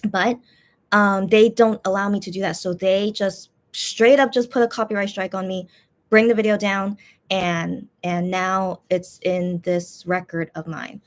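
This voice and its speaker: A woman's voice: mid-range voice, level tone, a little slow. A woman talks casually to her viewers as a channel host. She rambles, restarting sentences and filling gaps as she complains in a frustrated way. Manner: rambling, many fillers and restarts.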